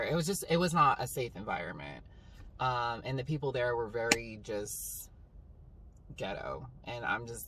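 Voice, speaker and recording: A young woman telling a story to camera in a casual, rambling vlog style, full of "like" and "um". She tells it in an animated, dramatic way. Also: a bass voice. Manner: rambling, filler-heavy, with 'like' and 'um'. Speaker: vlogger. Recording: slightly distant mic, faint background hum.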